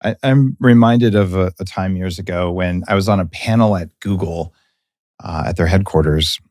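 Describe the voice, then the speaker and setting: A man's voice: sits low, normal speed, darkish tone, no echo. A man hosting an interview in a studio, speaking bluntly and with strong opinions. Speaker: podcast host. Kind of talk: casual interview conversation.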